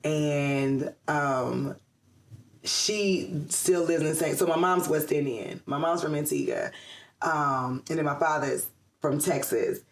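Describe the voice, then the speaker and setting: A woman's voice: low-pitched, slow, roomy sound. A middle-aged woman from the Atlanta area, chatting as a guest in an interview, with lots of ums and frequent laughs. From Atlanta area, USA. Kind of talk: casual interview chat.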